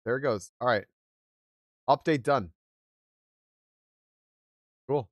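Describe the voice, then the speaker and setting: A man's voice: medium pitch, takes it slowly, no echo. A man streaming a game live, chatting casually with his viewers and greeting them by name. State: hiccuping.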